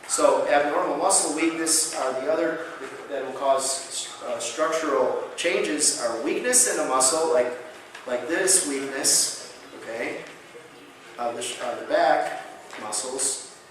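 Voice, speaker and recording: A man giving a conference lecture, telling patient stories in an animated way and acting out the dialogue. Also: on the high side, measured pace, a little hiss or hum. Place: large conference hall. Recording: echoey hall from far off.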